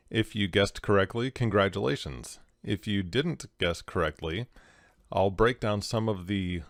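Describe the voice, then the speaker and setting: Deep-voiced man explaining body language. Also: no echo, clean studio sound. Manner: calm, instructive, step-by-step. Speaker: host analysing body language. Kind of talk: explanatory commentary.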